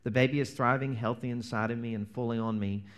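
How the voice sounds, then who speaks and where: A man preaching a sermon as pastor, animated, acting out quoted prayers and dropping to near-whispers. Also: medium pitch, fast talker.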